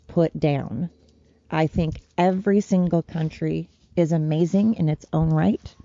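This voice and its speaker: A woman's voice: on the low side, mellow, no room sound, lo-fi sound. A woman hosting a solo podcast from home, ranting in a profane, rambling, worked-up way. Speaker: podcast host. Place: at home with her dogs.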